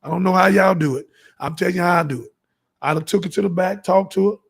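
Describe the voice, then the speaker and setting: A man's voice: high-pitched, fast talker, vocal fry, husky. A man hosting his own show, delivering a fervent, preachy monologue and acting out the dialogue in his stories. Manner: fervent, storytelling, acts out dialogue. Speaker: show host.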